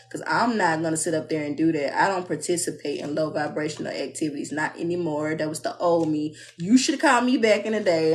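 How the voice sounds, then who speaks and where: A young woman giving a live tarot reading in a blunt, sassy, preachy way, mimicking people in a high voice. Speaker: tarot reader.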